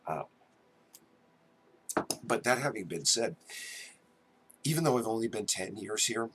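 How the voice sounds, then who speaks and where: A man's voice: on the low side, lively intonation, measured pace, fairly bright tone, slight background noise. A man from New Jersey hosting a casual live chat, rambling and stammering as he answers viewers. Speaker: livestream host.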